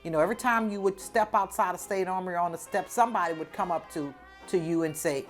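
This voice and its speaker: A woman, telling her own story in an animated, informal way and acting out the dialogue. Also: on the low side, brisk, few pauses, faint music behind. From New Orleans, USA. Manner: animated, acts out the dialogue, informal Southern speech. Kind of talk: personal storytelling.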